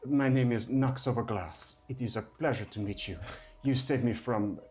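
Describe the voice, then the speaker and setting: A man voicing a polite, older male cat-person scholar who speaks softly and formally, dropping in French words. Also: mid-range voice, normal speed, close to an everyday voice. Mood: courteous. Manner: soft formal speech with French phrases.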